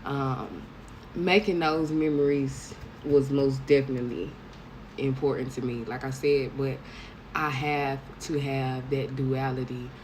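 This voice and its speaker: Deep-voiced black lady in her 30s, blunt and cussing, slight room hum behind her. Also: steady tone, measured pace, darkish tone, poor audio. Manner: blunt, profane storytelling with bursts of laughter. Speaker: vlogger. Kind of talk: casual monologue to camera.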